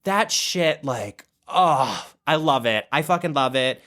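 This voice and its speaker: A man's voice: medium pitch, slow pace. A man hosting a podcast, gushing in a casual, profane monologue about his favourite reality stars. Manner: animated, profane, gushing fan talk. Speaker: podcast host.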